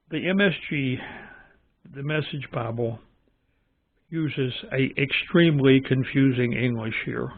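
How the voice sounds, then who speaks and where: A man talks through his views in a musing, halting, opinionated way, like a host chatting on his own channel. The audio is thin and phone-like. It is dry, with no room echo. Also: medium pitch, gravelly. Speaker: channel host reviewing Bible translations. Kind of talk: casual spoken commentary.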